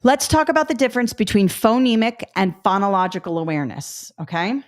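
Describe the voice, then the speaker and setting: A middle-aged woman teaching a live test-prep webinar, upbeat and coaching, talking through examples out loud. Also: medium pitch, a little fast.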